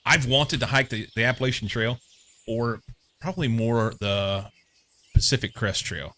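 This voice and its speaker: Bright-voiced rambling streamer man. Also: mid-range voice, moderate pace. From Missouri. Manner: rambling, meandering, many fillers. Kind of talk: casual chat while playing a game.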